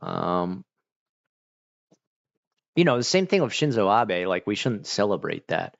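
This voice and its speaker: A man's voice: on the low side, big pitch swings, measured pace, creaky, dry recording. A man chatting casually on a livestream, answering chat in a rambling, hesitant way with many fillers and restarts. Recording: dull lo-fi dry mic.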